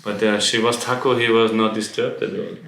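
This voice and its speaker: A man telling devotional stories in a temple in short, broken phrases, leaving pauses for a translator to keep up. His voice is gravelly. The room around him echoes. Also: fairly low pitch, flat delivery, over a noisy crowd. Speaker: spiritual speaker. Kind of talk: devotional storytelling talk with translation.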